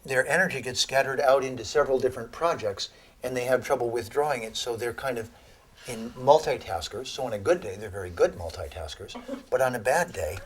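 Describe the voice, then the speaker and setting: A man giving a lecture on Ayurveda to an audience, telling animated stories and laughing at his own jokes. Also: mid-range voice, fairly quick. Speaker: Ayurveda teacher.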